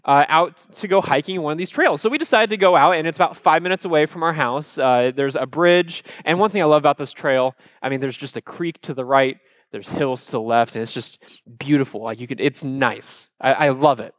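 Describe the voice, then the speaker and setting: A man with a fairly high voice tells a personal story to an audience. He is conversational and animated, slipping in fillers and asides to the crowd. The sound is dry and close, with no room echo. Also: a little fast, hardly any pauses. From Iowa, USA. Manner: animated, acts out his own childhood panic. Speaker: speaker addressing a live audience.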